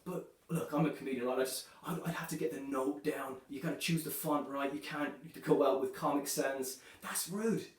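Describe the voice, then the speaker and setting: A man performing a stand-up comedy set, delivering dark jokes in a loose, chatty way, filling his lines with "you know" and "right". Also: medium pitch, steady tone, moderate pace, few pauses. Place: comedy club stage. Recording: echoey room, voice from a distance.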